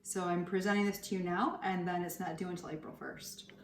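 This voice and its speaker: Relaxed teacher woman, roomy and distant. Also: on the low side, fairly quick, a little hiss or hum. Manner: relaxed, frequent ums and uhs, explains step by step. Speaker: art teacher. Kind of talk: recorded remote art lesson with demonstration. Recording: roomy echo, voice set back from the mic.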